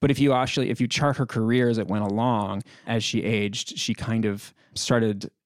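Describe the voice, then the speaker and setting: A man's voice: lowish voice, steady tone, normal speed, dry recording. Chatty, enthusiastic man on a dry mic. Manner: enthusiastic, chatty, laughs often, with many fillers. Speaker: podcast guest, film critic. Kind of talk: casual panel discussion.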